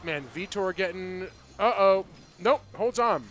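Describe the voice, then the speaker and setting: A man casting a live game tournament, calling plays excitedly and chatting with viewers in between. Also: fairly high pitch, normal speed, slight background noise. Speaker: esports caster. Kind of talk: live game commentary with chat. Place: Austin, Texas.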